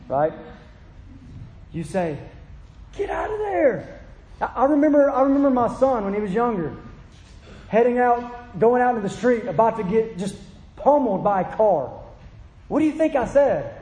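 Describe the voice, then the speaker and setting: High-voiced impassioned male preacher. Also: mellow. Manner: impassioned, pleading, acts out quotes. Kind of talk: sermon. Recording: echoey hall.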